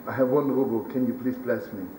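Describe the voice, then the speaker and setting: A man's voice: mid-range voice, steady tone, brisk, warm tone, close to an everyday voice. A man speaking as a poor pleading woman. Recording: roomy archival recording from a distance, faint hiss.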